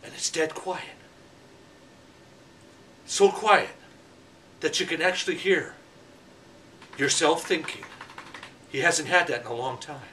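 Middle-aged male host, rambling joke teller, bright tone, recorded from a distance. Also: fairly high pitch. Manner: rambling with many "you know" fillers. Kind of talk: casual joke telling. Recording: voice from far off the mic.

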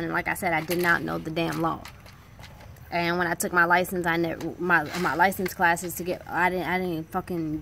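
Gravelly-voiced young woman ranting casually. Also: on the low side, background noise. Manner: blunt, heavy swearing, frustrated. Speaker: vlogger. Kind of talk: casual storytime rant.

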